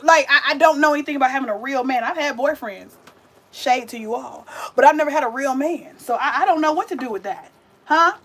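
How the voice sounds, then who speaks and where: High-voiced sassy woman cooking live. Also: fairly quick, a bit bright. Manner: chatty, sassy, talks straight to viewers. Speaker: vegan cooking livestream host. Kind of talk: casual livestream cooking chat.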